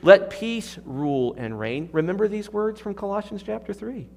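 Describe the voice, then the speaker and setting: An earnest male pastor delivering a sermon, his voice sitting a bit higher than most men's. He drops to a hush, then presses hard on a point, and throws in playful asides to the congregation. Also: normal speed, vocal fry. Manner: earnest, swings from hushed to emphatic. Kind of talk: expository sermon.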